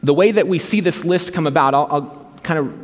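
A man's voice: on the high side, brisk, long reverb tail. A man preaching a sermon as a pastor, earnest and emphatic in a conversational way.

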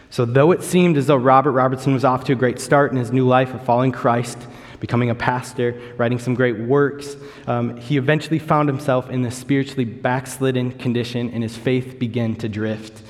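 A young man preaching a sermon, earnestly reading a hymn's lyrics slowly and telling its story. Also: medium pitch, fairly even intonation. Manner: earnest, slow and stirred when reading lyrics. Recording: reverberant hall.

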